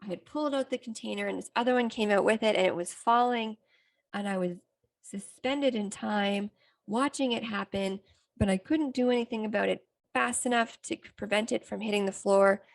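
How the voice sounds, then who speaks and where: A woman's voice: mid-range voice, moderate pace, creaky. A middle-aged woman, a psychotherapist hosting a self-help podcast, telling a personal story in a candid, reflective way. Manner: candid, reflective, talks through a story with restarts.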